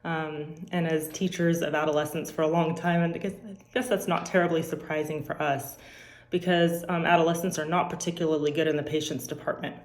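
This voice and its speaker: Brief: low-pitched woman in her forties, earnest church devotional, echoey room. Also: steady tone. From California. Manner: earnest, halting, with frequent ums. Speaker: teacher giving a church devotional. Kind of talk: personal devotional talk.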